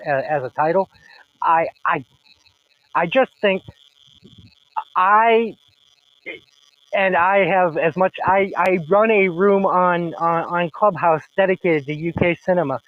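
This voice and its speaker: A man's voice: a little high, no echo. Rambling man on a dry lo-fi mic. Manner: rambling, halting, many restarts and fillers. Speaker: podcast host. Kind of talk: casual discussion.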